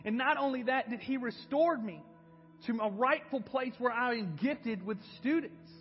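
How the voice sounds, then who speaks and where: Earnest high-voiced man preaching a sermon. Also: normal speed, long reverb tail, highs cut off, soft background music. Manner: earnest, personal testimony. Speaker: pastor. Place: church sanctuary.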